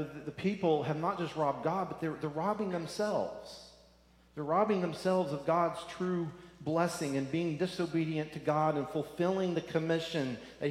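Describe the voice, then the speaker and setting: A man's voice: a little high, darkish tone. A man preaching a sermon, earnest and repeating phrases for emphasis. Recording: echoey hall.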